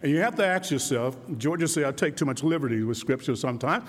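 Animated preacher man in a reverberant hall. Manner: animated preaching, rhetorical questions, drops low and slow for quoted lines. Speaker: pastor. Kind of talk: sermon.

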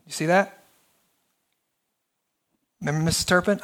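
High-voiced man reading a story aloud. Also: normal speed, long pauses. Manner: expressive, rising to dramatic emphasis. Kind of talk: lecture with dramatic reading aloud.

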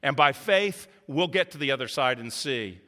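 Man, sermon, pastor, bright forceful voice, passionate then reflective delivery, long hall reverb. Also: animated, moderate pace. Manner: impassioned, rising pitch on voiced laments to God.

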